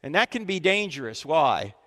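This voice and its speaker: Animated high-pitched man lecturing in a hall. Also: normal speed. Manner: animated, quizzes the audience with questions. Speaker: Christian apologetics speaker. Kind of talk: live lecture to a student audience. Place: university auditorium. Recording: reverberant hall.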